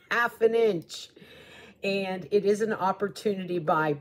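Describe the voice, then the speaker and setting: A woman's voice: on the low side, husky. A woman hosting her own jewelry show, talking in a chatty, gushing way with many fillers. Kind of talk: casual jewelry showcase talk.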